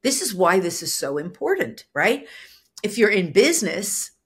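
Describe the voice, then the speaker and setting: A woman teaching in a solo podcast, earnest and explanatory, with a husky voice that is soft yet firm, now and then acting out short quoted lines. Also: mid-range voice, very animated, moderate pace. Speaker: spiritual business coach.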